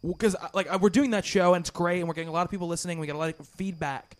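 A man's voice: high-pitched, rapid-fire. A man hosting a podcast in casual chat, rambling with many restarts and fillers. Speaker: podcast host.

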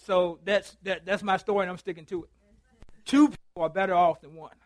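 Man, pastor, sermon, high voice, dry close sound, storytelling, loud-to-hushed delivery, call-and-response. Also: fairly even intonation, no room sound. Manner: storytelling, acts out both sides of a phone call; swings from loud to hushed, drawn-out phrases. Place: church.

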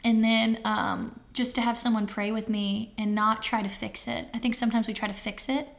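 Heartfelt woman in her thirties, higher voice. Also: level tone, normal speed, vocal fry. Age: 30s. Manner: candid, heartfelt, many fillers, voices others in quotes. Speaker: guest. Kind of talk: emotional interview storytelling.

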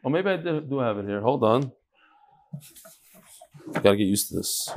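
This man, with a mid-range voice, lively intonation and a normal speaking speed, teaches a casual daily Talmud session to a live group in a room. He chants the Aramaic passages, explains them in chatty English, and trades jokes and bickering with his students.

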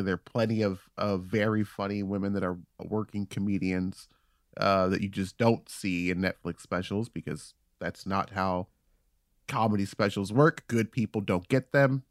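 A man co-hosting a loose comedy podcast. He rambles through his points with halting restarts and casual swearing. His voice is recorded dry and close, with little room sound. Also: fairly low pitch, no echo. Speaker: podcast co-host.

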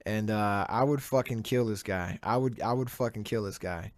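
A man's voice: lowish voice, moderate pace, no room sound. A man hosting his own podcast in a casual solo rant, swearing a lot and repeating himself as he works himself up, speaking close to a desk mic. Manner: profane, heated, repeats himself. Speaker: podcast host. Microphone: desk mic, virtual background on video.

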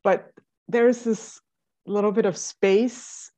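A woman in casual conversation, telling stories in an animated way and laughing often. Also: medium pitch, takes it slowly. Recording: muffled lo-fi audio.

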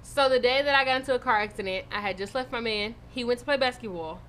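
Bright-voiced young woman telling a story. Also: on the high side, fast talker, a little hiss or hum. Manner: animated, swearing, loud in retold moments. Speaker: podcast co-host. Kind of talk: casual storytelling chat.

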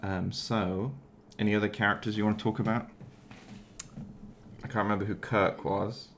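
A man co-hosting a casual movie podcast from home, relaxed and chatty, often correcting himself mid-sentence. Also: lowish voice, normal speed, a little hiss or hum. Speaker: podcast co-host.

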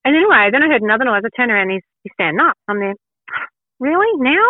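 An Australian woman telling a lively story in casual chat, acting out her own quotes. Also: fairly high pitch, rapid-fire, no echo. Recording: tinny phone line.

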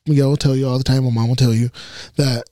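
A man's voice: medium pitch, fairly even intonation, fast talker, warm tone, dry recording. A man co-hosting a podcast, rambling casually, with lots of "like" and "way" and plenty of swearing. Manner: rambling, says "like" and "way" a lot, swears. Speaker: podcast co-host. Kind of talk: casual chat.

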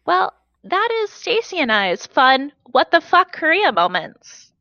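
A woman co-hosting a casual podcast chat, blunt and animated, swearing freely. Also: sits high, unhurried, dry recording, muffled recording. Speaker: podcast co-host. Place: foreigner living in Korea.

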